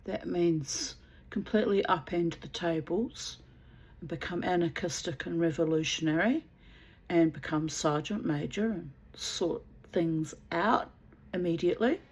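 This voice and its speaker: A woman's voice: lowish voice, measured pace, husky, poor audio. A woman telling a personal story in a blunt, casual way, swearing freely and laughing at herself.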